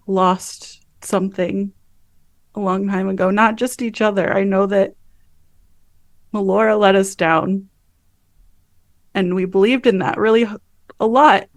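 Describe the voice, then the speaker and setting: Woman playing a gentle, devoted lover. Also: mid-range voice, dry recording, natural voice. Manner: soft, soothing, earnest reassurance. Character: devoted woman calming her frightened lover.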